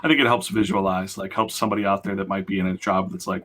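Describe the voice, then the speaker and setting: A male host with a low yet bright, sharp-edged voice leads a casual interview over a video call. He talks in a relaxed, agreeable way, full of fillers. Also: quick pace, hardly any pauses.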